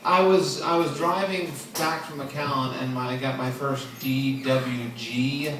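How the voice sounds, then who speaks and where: A man in his twenties performing an open mic stand-up set, deadpan and self-deprecating, chuckling at his own jokes. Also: medium pitch, unhurried, distant mic. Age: 20s. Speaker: stand-up comedian. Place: comedy club stage. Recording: echoey club heard from afar, crowd noise. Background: audience laughing.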